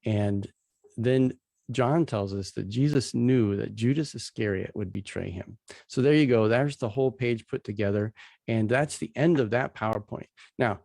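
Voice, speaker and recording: A man's voice: lowish voice, moderate pace, vocal fry, darkish tone, no room sound. A man casually teaching a Bible passage, retelling its scenes in plain, everyday slang as he walks through slides.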